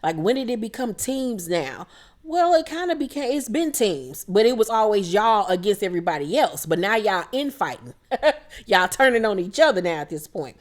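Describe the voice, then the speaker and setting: A woman's voice: mid-range voice, sing-song. Blunt, profane woman recapping reality TV. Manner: blunt, profane, quotes cast members in quick impressions. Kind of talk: casual recap commentary.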